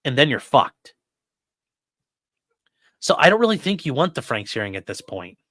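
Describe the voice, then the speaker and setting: A man's voice: medium pitch, sing-song, normal speed, fairly bright tone, dry recording, studio quality. A man hosting live legal commentary, talking bluntly and with lots of swearing. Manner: blunt, profane, exasperated. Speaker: lawyer and commentary host.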